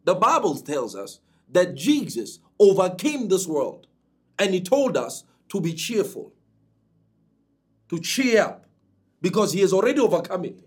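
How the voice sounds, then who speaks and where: High husky-voiced man preaching a sermon. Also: sing-song, a little slow. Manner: emphatic preaching with dramatic pitch swings.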